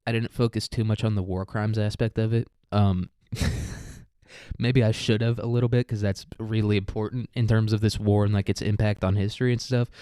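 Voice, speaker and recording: A young man with a low, smooth voice hosting a loose solo podcast. He rambles through his points, swears freely and drops joking asides. The sound is dry and close on the mic. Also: warm tone, no echo. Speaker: podcast host. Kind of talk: casual solo podcast monologue.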